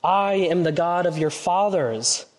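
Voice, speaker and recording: A man's voice: high voice, animated, a little slow, darkish tone. A man voicing a commanding, thundering God from a burning bush, reading a children's storybook aloud in a church. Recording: reverberant church hall.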